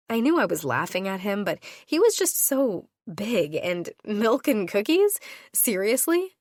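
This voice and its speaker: A woman narrating a first-person audiobook into a studio microphone, playful and expressive in her delivery. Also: medium pitch, unhurried, dry recording.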